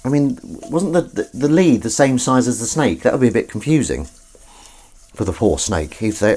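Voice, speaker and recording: A man's voice: medium pitch, lively intonation, moderate pace, warm tone. A man hosting a casual home live stream, chatting to viewers and his cat while washing up in his kitchen. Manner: rambling, chatty, talks to viewers and his cat, sings little tunes.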